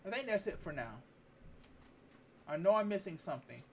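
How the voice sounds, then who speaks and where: Man, fairly high voice, casual rambling political vlog take that circles back on itself. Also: sing-song, moderate pace, slight background noise. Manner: rambling, repeats phrases, stops to check facts. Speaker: vlogger. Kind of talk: candid political commentary.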